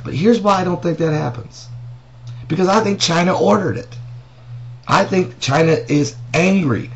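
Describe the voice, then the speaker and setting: A man, a pastor, talking through news and prophecy in a casual vlog, reading an article aloud and stopping to make emphatic points with pointed rhetorical questions. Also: a little high. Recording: dull lo-fi audio with faint noise.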